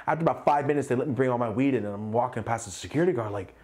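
A man's voice: mid-range voice, racing, few pauses. A young man telling a story in a casual, profane way, acting out the people he quotes. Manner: animated, profane, acts out quotes. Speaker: clothing brand owner and vlogger.

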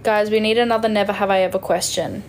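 Australian woman, twenties, casual phone livestreamer reading comments, gravelly fry, light noise floor. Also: medium pitch, fairly even intonation, fast. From Western Australia. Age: 20s. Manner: chatty, reads viewer comments aloud and answers them. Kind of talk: casual live-stream chat reading comments.

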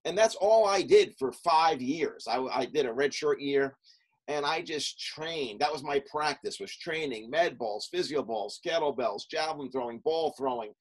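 Animated middle-aged man telling stories. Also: on the high side, husky, rough recording. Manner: animated, talks in quick lists with many fillers. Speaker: podcast guest, coach and business founder. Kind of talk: casual storytelling interview.

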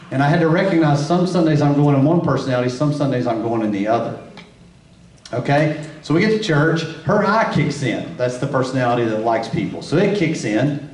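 A man's voice: fairly high pitch, animated, normal speed, darkish tone, roomy sound, distant mic, low-quality recording. A man speaking at a marriage conference in a church setting, telling candid, self-deprecating stories about his own marriage. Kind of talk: church talk. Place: church hall.

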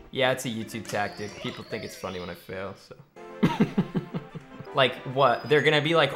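A man's voice: mid-range voice, moderate pace, a bit bright, faint music behind. A young man streaming a game live, chatting with viewers, joking and swearing when the game goes wrong. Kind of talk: live gameplay streaming chat.

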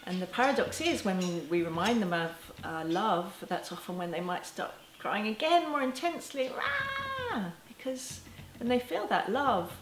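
A woman teaching parents to camera in a gentle, reassuring way, now and then with a soft laugh. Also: medium pitch, expressive, moderate pace, few pauses, a little hiss or hum. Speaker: parenting educator. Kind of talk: talking to camera. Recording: echoey room with faint ambience.

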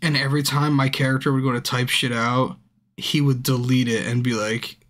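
Drunk male game streamer, casual chat with viewers, frustrated and cursing, mid pitch. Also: little pitch movement, normal speed, a bit bright. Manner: frustrated, swears a lot, talks to viewers by name.

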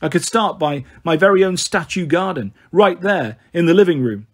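A man reading an audiobook aloud as a first-person narrator, steady storytelling. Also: fairly high pitch, normal speed. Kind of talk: scripted narration.

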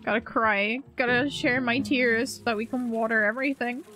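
A woman streaming a game, chatting gently and playfully to the characters on screen. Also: fairly high pitch, steady tone, moderate pace. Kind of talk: casual gameplay commentary. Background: faint game music.

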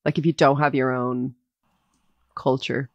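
An Irish woman co-hosting a music podcast in casual chat, animated and emphatic with strong opinions. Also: rumbling low, a little slow, dry recording, dull audio. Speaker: podcast co-host.

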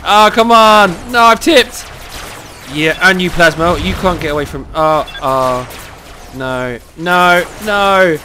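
A man with a cold giving excitable live commentary over his own gameplay, cheering on teammates and talking to himself. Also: on the high side, unhurried, soft background music. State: has a cold.

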